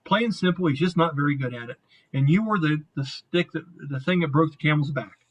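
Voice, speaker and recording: A man's voice: a little high, brisk, rough recording. A man acting as game master, narrating a tabletop game in a casual, rambling way and swearing now and then.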